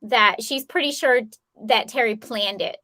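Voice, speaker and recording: A woman's voice: fairly high pitch, normal speed, pushed and bright. A woman co-hosting an interview, asking questions in an inquisitive, lightly amused way. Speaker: podcast co-host. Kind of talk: casual interview chat.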